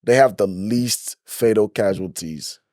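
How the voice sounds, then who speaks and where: A podcast host from Ghana telling stories in casual chat, slangy and animated, acting out the voices of the people in them. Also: male voice, fairly low pitch, unhurried, dry recording, studio quality. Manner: animated storyteller, slangy, acts out quotes.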